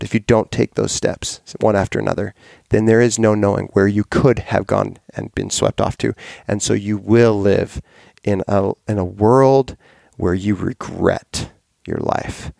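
A man's voice: on the low side, steady tone, unhurried, vocal fry, a little mellow, no echo, studio quality. A man hosting a podcast, chatting casually and enthusiastically, often rambling and correcting himself. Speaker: podcast host.

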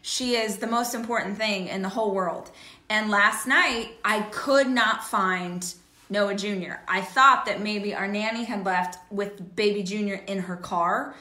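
A woman in her thirties co-hosting a casual chat, telling family stories with animated, playful teasing. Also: medium pitch, a little slow, reverberant. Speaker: podcast co-host.

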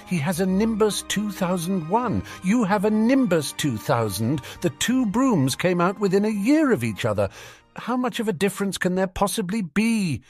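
A man's voice: high voice, big pitch swings, normal speed, darkish tone, breathy edge, faint music behind, pitched above the performer's own voice, full character voice. A man doing a huffy know-it-all teen girl. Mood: exasperated. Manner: huffy, lecturing. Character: clever teenage witch, bossy and exasperated.

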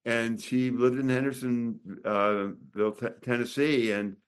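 An older man, a doctor and author, talking in a relaxed interview with many restarts and pauses. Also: mid-range voice, clear, resonant tone. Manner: rambling, halting, many restarts. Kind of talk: casual interview chat.

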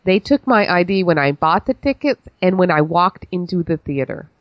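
A woman's voice: lowish voice, lively intonation, moderate pace, dry recording, dull audio. A woman co-hosting a podcast over a video call, chatting casually in a rambling way with many fillers. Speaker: podcast co-host. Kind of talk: casual chat.

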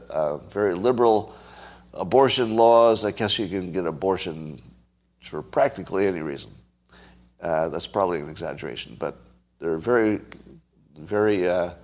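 A man with a lowish voice talks through a solo commentary as its host. He muses aloud in a wry, loose, conversational way.

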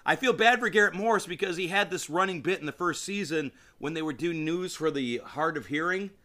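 Bright-voiced man rambling on his podcast. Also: a little high, a little fast. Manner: rambling and enthusiastic, with frequent restarts. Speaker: podcast host. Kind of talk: casual solo podcast commentary.

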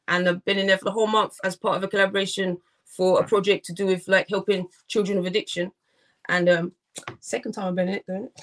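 Fast-talking chatty woman. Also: mid-range voice, flat delivery. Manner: chatty and joking, full of fillers. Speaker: guest, poet and artist. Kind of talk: casual interview over video call. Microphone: video call.

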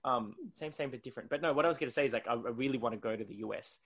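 Australian male podcast co-host, bright and chatty, rambles with lots of fillers. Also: medium pitch, rapid-fire. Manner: rambling, heavy use of "like", laughs often. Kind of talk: casual podcast chat.

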